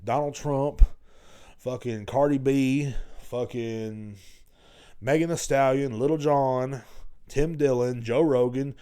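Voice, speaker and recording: A man's voice: mid-range voice, steady tone, takes it slowly, warm tone, clean tone. A man hosting a podcast in a rambling, profane, crudely joking solo monologue. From Texas. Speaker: podcast host. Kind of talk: casual comedic podcast monologue.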